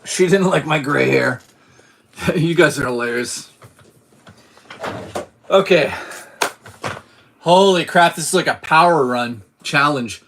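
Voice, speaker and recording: A man's voice: on the high side, takes it slowly, vocal fry, long pauses, fairly bright tone, slight background noise. A man from Boston streaming live, chatting casually about his movie collection and reading out chat messages, swearing now and then.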